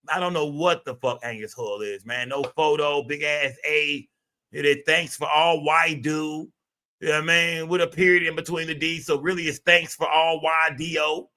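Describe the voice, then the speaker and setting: A man hosts a live stream, giving loose, rambling, profane commentary packed with filler tags. His voice is a little high, pushed and bright.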